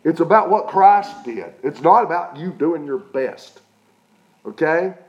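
A man's voice: a little high, expressive, a little slow, roomy sound, lo-fi sound. A middle-aged man preaching a sermon as pastor, emphatic, often checking in with his listeners. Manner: emphatic preaching with repeated "okay?" check-ins.

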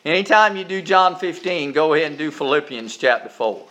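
A male pastor preaching a sermon, leading the congregation in call-and-response and climbing higher on emphasis. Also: expressive, a little fast, sharp tone.

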